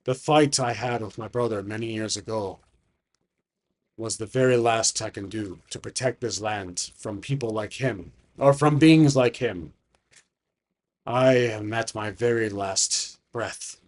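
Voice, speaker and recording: A man voicing an ancient, dying male dragon who speaks slowly and gravely in a tabletop game. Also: lowish voice, pitched below the performer's own voice, lightly acted. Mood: weary, grave. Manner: slow, grave, measured speech.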